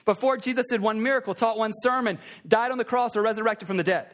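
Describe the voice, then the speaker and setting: Pastor, male, high voice, chatty animated sermon with crowd asides. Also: fast. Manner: conversational, animated, talks to the congregation with asides.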